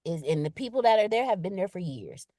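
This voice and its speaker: A woman's voice: lowish voice, fast, no room sound, studio quality. A woman speaking casually in a live leadership session, chatty and direct, reading out viewer comments with emphatic repetition. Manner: animated and playful, acts out quotes in exaggerated voices. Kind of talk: casual motivational talk.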